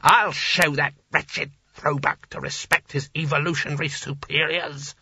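A man voicing Sconner, a pompous, short-tempered male wizard who snarls and forces an icy calm over his rage. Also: high-pitched, normal speed, husky, no room sound, muffled recording, pitched above the performer's own voice, exaggerated voice. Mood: furious.

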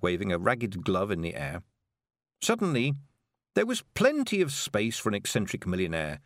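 A man reading a storybook aloud, expressive and lively. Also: fairly low pitch, moderate pace, no echo, clean studio sound. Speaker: audiobook narrator. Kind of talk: scripted storybook narration.

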